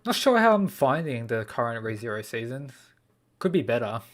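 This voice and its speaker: A man's voice: mid-range voice, sing-song, normal speed. An Australian man chatting casually on a livestream, laid-back and rambling with lots of fillers. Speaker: anime streamer.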